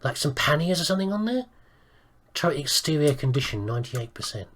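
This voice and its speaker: A man's voice: on the high side, sing-song, a little fast, a bit bright. A man giving casual let's-play commentary, rambling and thinking aloud with self-mocking asides. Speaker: gaming video host.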